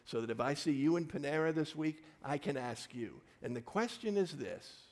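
A man's voice: on the high side, expressive, moderate pace, darkish tone, in a large hall. A man preaching a sermon as a pastor, telling personal stories in short, punchy phrases.

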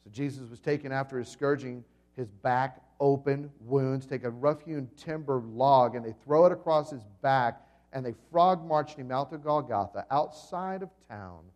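A pastor preaching a sermon to his congregation, telling the story vividly, swinging between loud and soft, and asking the listeners questions. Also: mid-range voice, moderate pace. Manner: dramatic storytelling with swings in volume.

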